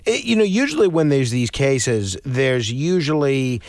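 A man hosting an interview, asking measured, halting questions. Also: mid-range voice, sing-song, darkish tone, no echo, clean studio sound. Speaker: radio host.

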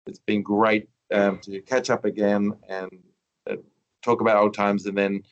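A man hosting a podcast interview, talking in a rambling, halting way with many restarts. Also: on the low side, little pitch movement, dull audio. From Australia. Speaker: podcast host. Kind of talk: casual interview chat.

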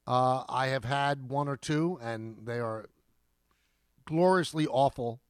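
A man co-hosting a casual podcast, talking in an animated, indignant way. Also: mid-range voice, slow pace, no room sound, clean studio sound. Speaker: podcast co-host. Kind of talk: casual chat.

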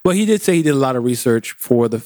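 A man co-hosting a casual podcast, talking in an animated, playful, joking way. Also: medium pitch, fast talker, no room sound, clean studio sound. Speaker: podcast co-host.

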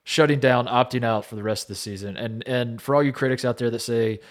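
A man's voice: medium pitch, steady tone, fast. Wry young man in sports banter. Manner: wry, sarcastic, trails off quietly. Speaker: podcast co-host. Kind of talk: casual sports chat.

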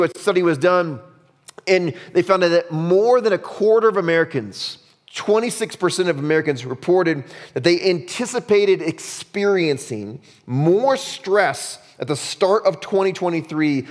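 A male pastor giving a sermon in a conversational style, often asking "right?" and dropping low and soft for emphasis. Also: long reverb tail.

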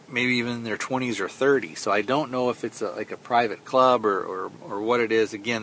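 A man's voice: on the low side, a bit bright, slight background noise. A man hosting a podcast, casually retelling a film's plot in a rambling way, with many fillers and quoted lines. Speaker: podcast host. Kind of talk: casual film review recap.

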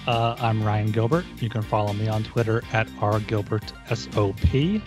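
A man's voice: fairly low pitch, moderate pace, music in the background. A man co-hosting a hockey betting podcast, easygoing and upbeat in casual chat. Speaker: podcast co-host.

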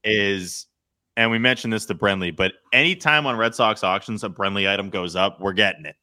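A man's voice: fairly low pitch, fairly quick, pushed and bright, dry recording, clean studio sound. A man co-hosting a podcast in casual chat, rambling and interrupting himself, laughing often. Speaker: podcast co-host.

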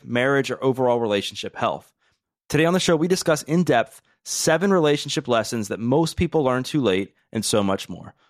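A middle-aged man hosting a podcast, introducing his guest and asking questions in a measured way. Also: medium pitch, no room sound, studio quality. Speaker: podcast host. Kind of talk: podcast interview.

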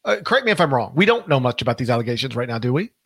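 A man's voice: mid-range voice, big pitch swings, very fast, a bit bright, dry recording. A middle-aged man hosting a podcast, talking casually, rambling and correcting himself, stressing key words. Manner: rambling, self-correcting, emphatic. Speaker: podcast host.

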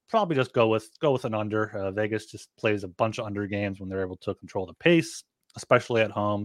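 A man's voice: lowish voice, no echo, studio quality. A man co-hosting a podcast, chatting casually about hockey picks and reading off odds with plenty of fillers. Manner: reads odds and lines, relaxed with fillers. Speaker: podcast co-host. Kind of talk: casual sports betting chat.

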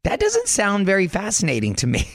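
A man in his forties hosting a radio show with brisk, chatty patter on a studio mic. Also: high voice, huge pitch swings, no echo. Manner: brisk, chatty, quick to laugh.

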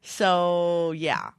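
Brief: playful woman co-host, animated pitch, dry close sound. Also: vocal fry, smooth, dry recording. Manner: playful, giggly storyteller. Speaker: podcast co-host. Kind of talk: casual chat.

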